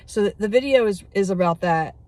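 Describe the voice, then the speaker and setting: Excitable vlogger ranting. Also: mid-range voice, a little fast, dry recording. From United States. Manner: excitable, gets worked up, rambling. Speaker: prediction vlogger. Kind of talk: casual solo monologue.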